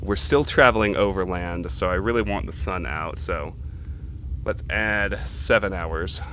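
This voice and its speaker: A man's voice: sits low, unhurried, a bit bright, slight background noise. A man hosting a let's play, chatting casually as he plays, thinking aloud and swearing offhandedly. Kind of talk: casual gaming commentary.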